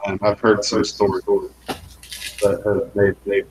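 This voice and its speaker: A man's voice: fairly low pitch, completely flat delivery, measured pace, a crowd in the background, low-quality recording. A man in a casual live chat on a video call, speaking in a thoughtful, rambling way with restarts. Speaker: live stream participant.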